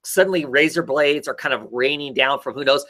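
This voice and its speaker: Bright-voiced chatty man. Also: medium pitch, fairly quick. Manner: rambling, many fillers and restarts. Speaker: podcast co-host reviewing comics. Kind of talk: casual chat.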